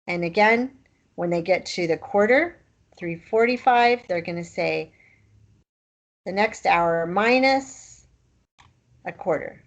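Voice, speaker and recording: A woman teaching a language class, explaining pronunciation patiently and demonstrating sounds one at a time. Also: mid-range voice. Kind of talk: slow, patient language lesson.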